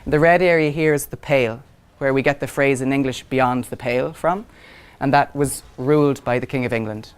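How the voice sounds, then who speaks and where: A young man lecturing to a university class, relaxed and conversational, thinking aloud with frequent ums. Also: mid-range voice, moderate pace, few pauses, clear, resonant tone. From Ireland. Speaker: visiting lecturer. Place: lecture room.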